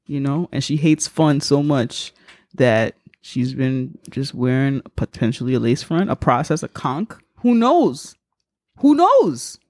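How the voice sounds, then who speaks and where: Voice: mid-range voice, a little slow, a little mellow, no echo. A podcast co-host in playful, joking casual chat, riffing with the other host.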